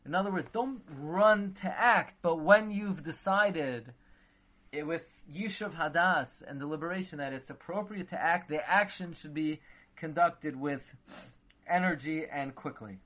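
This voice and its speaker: Slightly slow and a little high, with a fairly bright tone, this rabbi lectures on Torah. He acts out conversations and peppers his teaching with Hebrew and Yiddish.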